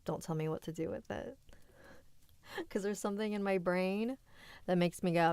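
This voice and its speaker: A woman's voice: medium pitch, moderate pace, long pauses, darkish tone, clear, resonant tone, dry recording. A woman hosting a livestream, reading submitted scary stories aloud and chatting candidly with her viewers between them. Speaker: host and story reader.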